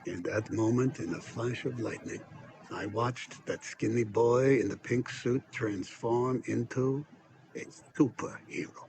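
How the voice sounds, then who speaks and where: Man playing a grave film narrator, older male storyteller, low hushed voice, distant film clip, faint hiss. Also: unhurried, lightly acted. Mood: awed. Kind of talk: dramatic film voice-over.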